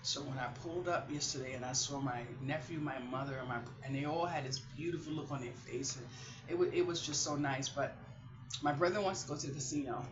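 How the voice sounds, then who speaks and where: A woman's voice: a bass voice, brisk, over music. Woman vlogger, middle-aged, chatty and rambling, recorded in an echoey room with dull sound. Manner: chatty, rambling, animated storytelling. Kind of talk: casual chat to viewers. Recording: roomy and slightly muffled.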